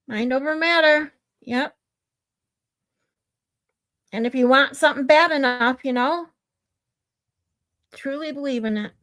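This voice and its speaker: A woman's voice: high voice, unhurried, long pauses, a bit bright. A middle-aged woman hosting a livestream who chats casually with viewers, rambles off on tangents, reads out their comments and laughs often. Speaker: livestream host.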